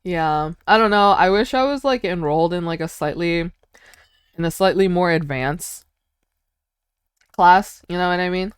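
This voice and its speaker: A young woman with an American accent, whose first language is Vietnamese, chats casually with viewers as a streamer and answers their chat, giggling and using lots of filler words. Her voice is lowish, clear and resonant, at a moderate pace with long pauses. There is no room sound.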